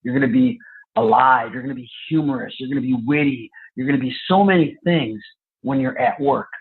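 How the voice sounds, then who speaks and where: A man, a police trainer and podcast guest, telling stories in a lively, conversational way. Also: mid-range voice, a little fast, vocal fry. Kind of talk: storytelling interview answers. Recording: tinny phone-like line.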